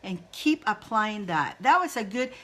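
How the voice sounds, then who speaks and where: A woman's voice: mid-range voice, big pitch swings, unhurried, sharp tone, a little hiss or hum. A woman hosting live spiritual readings for viewers, emotional and effusive, often laughing and speaking straight to her audience. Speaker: spiritual reader, live-stream host.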